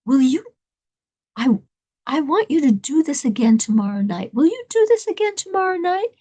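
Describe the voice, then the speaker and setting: A woman voicing a feared, stern older male guru who speaks in a hushed, earnest way. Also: high-pitched, big pitch swings, moderate pace. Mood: requesting.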